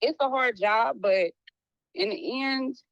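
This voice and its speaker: A woman speaking as a private investigator in a casual, apologetic conversation, talking in quick bursts with many restarts. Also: a little high, vocal fry, no room sound, highs cut off. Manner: animated, restarts often, slips into a playful hood voice when quoting.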